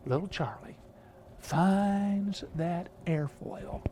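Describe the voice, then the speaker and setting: A man's voice: high voice, very slow, mellow, slight background noise. A man preaching a storytelling sermon, rambling with many filler sounds and restarts.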